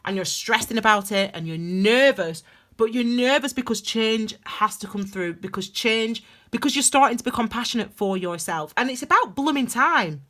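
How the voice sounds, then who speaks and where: A woman's voice: a little high, expressive, normal speed, a bit bright. A woman giving a casual spoken tarot reading to camera, talking emphatically and rambling with many restarts. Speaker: tarot reader.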